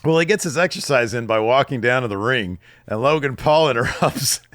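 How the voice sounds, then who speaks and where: A man's voice: mid-range voice, expressive, brisk, a bit bright, no echo, studio quality. A man co-hosting a podcast, casually recapping wrestling with jokes, swearing and emphatic read-outs of promos. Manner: jokey, reads out promos with emphasis, swears freely. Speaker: podcast co-host.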